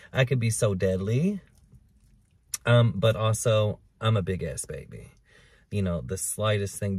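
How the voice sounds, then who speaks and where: A man's voice: on the low side, no echo, clean studio sound. A man hosting his own podcast, talking candidly and emotionally in a rambling, profane way. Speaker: podcast host. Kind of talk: casual personal podcast monologue.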